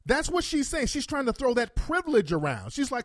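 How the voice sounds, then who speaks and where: Profane man ranting in a high voice. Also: wildly swooping pitch, brisk, no room sound, studio quality. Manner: blunt, profane, heated. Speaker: vlogger. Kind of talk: ranting reaction commentary.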